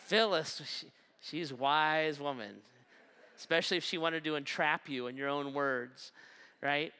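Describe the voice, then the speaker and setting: Preacher doing a sermon, bright crisp voice, jokey storytelling, slows way down to hit points. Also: medium pitch. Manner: humorous storytelling, acting out dialogue. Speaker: pastor.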